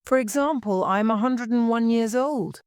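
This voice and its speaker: A woman voicing a fussy, scatterbrained old queen who talks in a high, fluttery way and breaks into wailing cries. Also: moderate pace, darkish tone, clean tone, no echo, clean studio sound, lightly acted.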